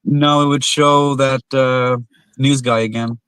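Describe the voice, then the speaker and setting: A man joining a casual livestream chat, adding information in halting bits. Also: mid-range voice, flat delivery, fairly bright tone, clear, resonant tone, no echo.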